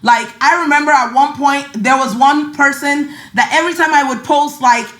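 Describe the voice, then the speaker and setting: A woman's voice: sits high, normal speed, a bit bright, roomy sound. A woman with a slight Nigerian accent hosting a podcast, giving an emphatic, chatty motivational talk about money and mindset. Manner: emphatic, chatty, repeats words for stress. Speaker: podcast host and finance coach.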